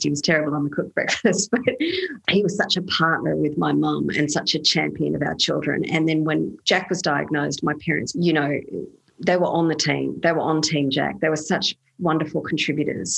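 Low, gravelly woman, earnest. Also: poor audio. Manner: earnest, animated storytelling with laughs. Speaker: guest, autism awareness advocate. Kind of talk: conversational interview.

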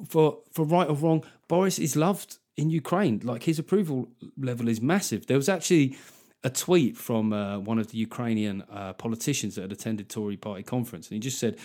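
A Mancunian man rants through his solo podcast, animated and sarcastic, swearing as he goes. His voice sits at an ordinary middle pitch. Now and then he mocks his critics in put-on voices. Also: fairly quick. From Manchester, England. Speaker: podcast host and comedian.

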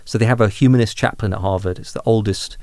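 A man in his thirties from England, a humanist chaplain, telling a personal story candidly in a podcast interview, self-deprecating and lively when amused. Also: fairly low pitch, fast, dry recording.

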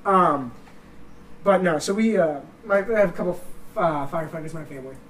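Brief: young male podcast co-host, quick, high, jokey and crude, echoey distant mic. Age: young adult. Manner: joking, profane, self-mocking banter. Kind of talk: casual chat. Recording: roomy echo, distant mic.

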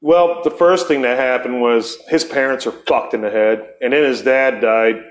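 A man's voice: medium pitch, steady tone, moderate pace. Middle-aged male podcast host, casual and profane, rambling storyteller, mid-range voice.

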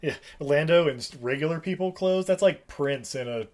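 Brief: mid-pitched voice, wisecracking co-host tossing off crude jokes. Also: darkish tone. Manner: joking, profane, quick asides. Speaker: podcast co-host. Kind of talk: casual movie recap chat.

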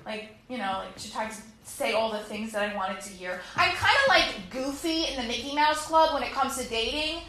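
A woman's voice: a little high, expressive, moderate pace, few pauses, bright, forceful tone. A woman performing a chatty, self-deprecating stand-up set on a club stage, acting out quotes with laughs. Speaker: stand-up comedian. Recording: echoey club room.

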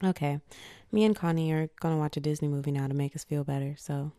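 A young woman hosting a podcast in slangy, animated casual chat, feeling a bit unwell. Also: sits low, fast, dry recording, studio quality. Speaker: podcast host.

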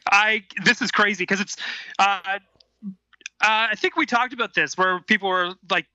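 A man's voice: sits high, moderate pace, pushed and bright, no room sound, highs cut off. A man co-hosting a casual podcast, joking and giggling in banter with his co-host. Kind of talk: casual chat.

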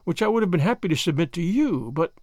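A shrewd middle-aged French spy, quiet and sarcastic, who flatters with mock gallantry, as a male narrator plays him. The delivery stays smooth and close, with a lively, rather high voice. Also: quick pace, no echo. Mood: sly, sarcastic.

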